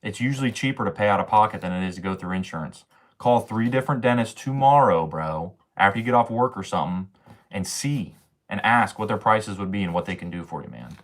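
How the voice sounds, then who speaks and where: A man's voice: fairly low pitch, a little fast. A young man chatting casually on a livestream, ranting in slang and swearing often while he answers his chat.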